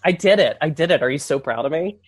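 A woman with a Southern accent hosts a relaxed interview show. Her voice sits low and a little husky, with pitch that rises and falls a lot as she teases and laughs. Soft music plays faintly behind her. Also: quick pace. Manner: playful, expressive, laughs easily. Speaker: host. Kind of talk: casual interview chat.

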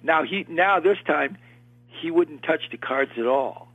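Older male guest, anecdote-teller, gravelly, dry phone-line sound. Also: on the high side, a little slow, no echo. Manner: animated, repeats and restarts, acts out quoted voices. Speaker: actor guest recalling film work. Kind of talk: casual anecdotal storytelling.

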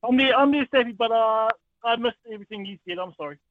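A man's voice: very high voice, fast, dry recording. A man calling a talkback show, rambling in a friendly way. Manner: rambling, friendly, trailing off quietly. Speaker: caller. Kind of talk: casual phone-in chat. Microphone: phone. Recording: dry tinny phone line.

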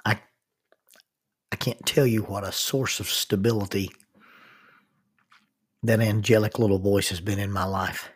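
A minister telling a personal story in an earnest, halting way, often restarting his sentences. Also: lowish voice, steady tone, breathy edge.

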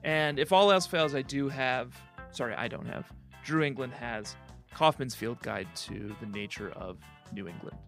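A man's voice: mid-range voice, moderate pace, a bit bright, faint music behind. A man co-hosting a podcast in casual chat, joking and rambling with plenty of ums and likes. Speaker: podcast co-host. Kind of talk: casual chat about a video game.

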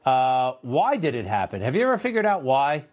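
A man's voice: mid-range voice, wildly swooping pitch, normal speed, a little mellow. A man hosting a TV interview, talking in an impassioned, indignant way. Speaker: host.

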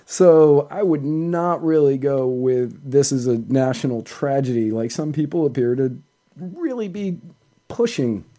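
A man's voice: mid-range voice, a little slow, warm tone. A man on a casual podcast, telling long rambling stories and cutting himself off with asides. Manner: rambling, self-interrupting anecdotes. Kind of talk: casual storytelling chat.

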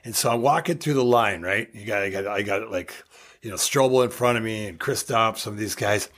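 A man's voice: on the low side, brisk, fairly bright tone. A man in his sixties, a former hockey player, telling a story on a podcast and laughing through his punchlines. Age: 60s. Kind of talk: casual storytelling.

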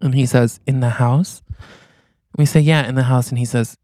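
A man's voice: mid-range voice, moderate pace, dry recording, clean studio sound. A man co-hosting a podcast, telling an improvised comedic story and acting out the characters' lines. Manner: animated, acts out quoted lines in the story. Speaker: podcast co-host.

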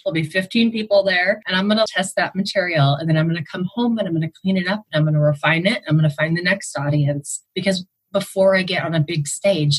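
Woman, husky low voice, panel guest, matter-of-fact, casual talk. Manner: organized, practical, matter-of-fact.

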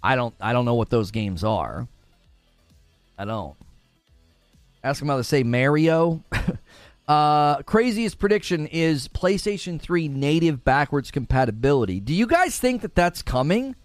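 A man's voice: on the high side, lively intonation, measured pace, dry recording, faint music behind. A man hosting a casual gaming livestream, reading chat aloud and laughing often as he talks. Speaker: livestream host.

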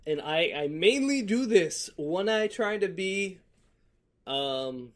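A Florida man co-hosts a podcast in casual, joking chat, loose and profane and laughing often. His voice sits high and is expressive, and he speaks slowly.

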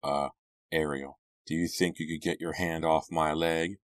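A man reading a calm, laid-back teen boy. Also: extremely low pitch, measured pace, no room sound, clean studio sound. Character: calm, easygoing teen boy passenger, teasing.

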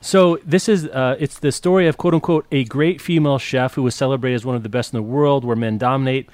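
A man's voice: medium pitch, fairly even intonation, brisk, darkish tone, dry recording. A man co-hosting a podcast, enthusiastic and rambling as he recommends books with many restarts. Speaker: podcast co-host. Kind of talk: casual book chat.

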